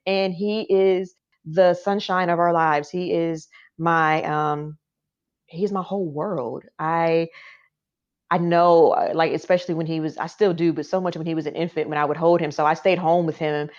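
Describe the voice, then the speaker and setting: A woman with a low voice shares a heartfelt personal story as a podcast guest. She talks in a casual, emotional way with plenty of fillers. The recording sounds dull and lo-fi. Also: steady tone, normal speed.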